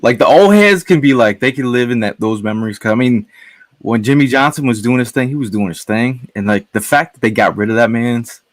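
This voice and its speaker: A man in his thirties, a podcast guest who talks in a relaxed, rambling way with lots of fillers. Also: mid-range voice, brisk, dry recording. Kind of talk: casual sports podcast chat.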